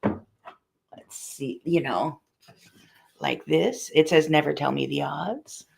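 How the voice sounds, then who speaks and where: A low-voiced woman in her fifties with a heavy gravelly rasp chats loosely with her online audience. She is a quilting teacher who rambles from one story to the next and stops to greet viewers by name. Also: slow. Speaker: quilting teacher and live-stream host. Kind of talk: casual live-stream chat.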